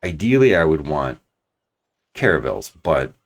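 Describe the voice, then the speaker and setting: Very deep gravelly man planning his game moves. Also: very animated, measured pace. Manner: thinking aloud, restarts and hedges while planning. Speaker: let's play commentator. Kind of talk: casual strategy game commentary.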